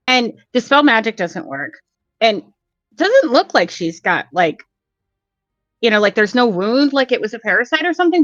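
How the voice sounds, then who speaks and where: A woman's voice: on the high side, fairly bright tone, no echo, dull audio. A woman playing in a tabletop game, talking in a chatty, rambling way full of fillers. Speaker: player. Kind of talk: casual tabletop play.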